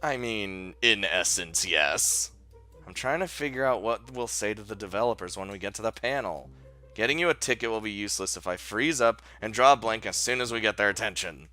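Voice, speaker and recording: A man's voice: lowish voice, sharp tone. A man playing a visual novel, reading the story aloud and adding casual, swearing commentary with laughs and restarts. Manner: casual, swears, laughs, breaks off mid-sentence. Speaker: let's play host.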